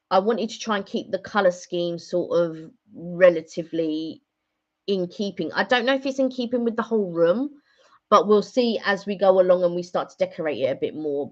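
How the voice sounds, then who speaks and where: Chatty woman on a dull lo-fi stream. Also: lowish voice. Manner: chatty, rambling, many fillers. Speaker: live stream host. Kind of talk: casual live stream chat. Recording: dull lo-fi sound.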